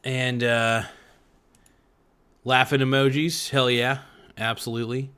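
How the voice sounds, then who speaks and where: A man's voice: medium pitch, little pitch movement, slow, a bit bright, clean tone. Rambling, profane man chatting to his live chat. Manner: rambling and profane, with many fillers. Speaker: livestream podcast host. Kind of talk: casual chat while eating, reading live chat.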